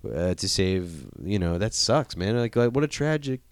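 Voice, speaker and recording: A man's voice: lowish voice, expressive, clear, resonant tone, dry recording, clean studio sound. A man recapping a movie in casual chat, joking, swearing and acting out the characters. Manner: profane, jokey, acts out characters in quick voices.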